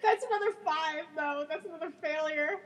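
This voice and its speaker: A woman's voice: high voice, normal speed, a crowd in the background. A woman playing a tabletop game, self-mocking and giggly about her character's failures. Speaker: player. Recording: roomy recording with clear background noise.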